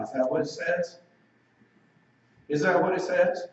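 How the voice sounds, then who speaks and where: Emphatic preacher, booming echoey room. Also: male voice. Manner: emphatic, asks rhetorical questions; slows down for scripture and key points. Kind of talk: sermon. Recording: very echoey room, distant mic, dull lo-fi sound.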